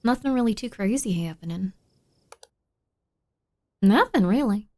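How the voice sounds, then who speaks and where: This streamer speaks at an unhurried pace in a fairly high voice, bantering with her audience as she plays a spooky game. Searching brings her down to a whisper, and excitement sends her into shouts.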